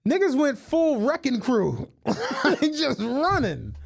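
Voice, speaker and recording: Give me an animated man co-hosting a casual podcast, lively pitch, swearing and laughing as he tells stories. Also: takes it slowly, vocal fry. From United States. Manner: animated storytelling, swears a lot, laughs often. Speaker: podcast co-host. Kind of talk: casual chat.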